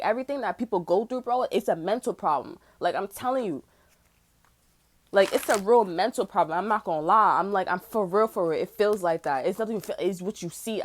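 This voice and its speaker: A woman venting in a casual, heated rant, swearing freely and tossing "bro" into nearly every line. She slips into quick retold back-and-forth dialogue, her voice sitting at an ordinary middle pitch. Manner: heated, profane, repeats "bro" often; acts out others' words in quick retold dialogue. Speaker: channel host.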